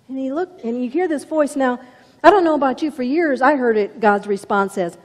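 A woman's voice: sits high, brisk, in a large hall. A woman preaching a sermon with dramatic storytelling, dropping to whispers for emphasis. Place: church.

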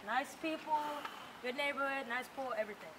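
A woman's voice: high-pitched, a little fast, natural voice. Actress doing a blunt bossy young woman, strict cousin, indie film, car and street noise behind. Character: driven young woman, strict big-sister type. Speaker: independent ambitious cousin. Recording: ambient vehicle noise.

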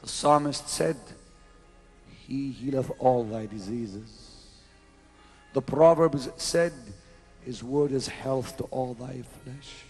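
A man preaching a revival sermon at a large crusade, swinging from loud exclamations to hushed whispers in a slow, drawn-out delivery. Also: mid-range voice. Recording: 1990s live event recording with faint music.

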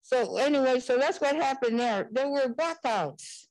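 Older woman telling lively personal stories. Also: high-pitched, unhurried, rough recording. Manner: animated, acts out quoted dialogue. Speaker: panelist. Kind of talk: personal storytelling at a panel.

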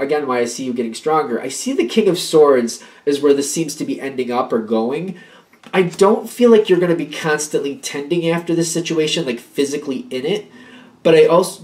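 A man giving a casual tarot reading. He talks in an animated, rambling way, repeating himself and acting out little pep talks. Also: medium pitch. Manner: animated, acts out little pep-talk quotes; rambling, repeats and restarts phrases. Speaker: tarot reader.

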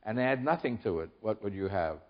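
A teacherly storybook figure firing number riddles, as an older man reads him aloud. His voice is low and a little dull, with a muffled hall sound. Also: lively intonation, fairly quick, natural voice. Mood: quizzing. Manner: teacherly quizzing questions. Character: quizzing storybook math figure, male.

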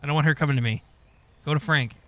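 A man's voice: a little high, quick pace, no echo, lo-fi sound. A man giving casual gameplay commentary, muttering to himself as he goes and swearing often. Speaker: gaming YouTuber.

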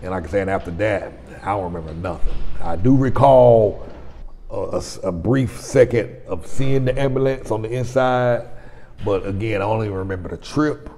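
A man in his forties hosts his own vlog, telling a personal story to camera in a rambling, chatty way and often restarting. His voice sits on the low side with a warm tone and normal speed, and the recording has a long reverb.

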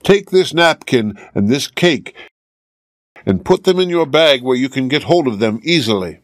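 A man voices a kindly old woman helper in a fairy tale, sounding motherly, urging and urgent. His mid-range voice is animated at normal speed and pitched above his own natural voice. The recording is studio quality with no room sound.

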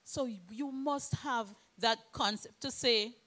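A woman preaching a sermon, slow and emphatic, reading scripture aloud. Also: on the high side, fairly bright tone.

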